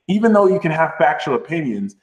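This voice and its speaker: A man hosting a casual astrology livestream, talking loosely and playfully. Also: fast. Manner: animated, jumps into high sassy mock voices. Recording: roomy echo.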